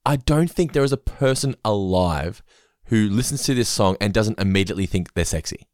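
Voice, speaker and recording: Casting: man in his forties, lively up-and-down voice, cheeky laughing storyteller. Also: on the low side, moderate pace, no room sound, studio quality. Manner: laughing, swearing, animated storytelling. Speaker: podcast co-host. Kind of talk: casual chat.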